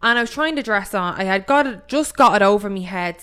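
Young irish woman chatting on a podcast, animated, acts out voices, says like constantly. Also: medium pitch, fast talker, smooth. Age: young adult. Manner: animated storytelling, acts out voices, heavy 'like' filler. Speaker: podcast co-host. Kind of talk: casual chat.

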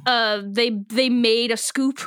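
Giggly young woman, higher voice, dry sound. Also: fairly even intonation, fairly bright tone, smooth, no echo. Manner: giggly, acts out characters in quick voices. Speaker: podcast co-host. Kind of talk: casual book discussion.

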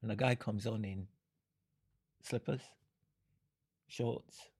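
Gravelly, very husky older man. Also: on the low side, fairly even intonation, a little mellow. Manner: unhurried, halting, explanatory, chuckles between points. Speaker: guest answering audience questions. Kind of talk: Q and A talk.

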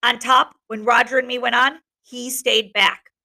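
A woman reading as a boastful, hostile boy hunter who pushes his claims with stubborn insistence. The voice is bright and sharp-edged, suited to a storybook read aloud. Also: on the high side, little pitch movement, a little slow, voice pushed up. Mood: defiant.

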